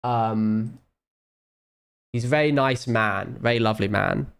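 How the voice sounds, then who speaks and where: Rambling, under-the-weather streamer. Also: male voice, fairly low pitch, a little slow, vocal fry, fairly bright tone, clear, resonant tone. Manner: rambling, self-mocking, trailing off. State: ill, low on energy. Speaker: live streamer. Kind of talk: casual chat.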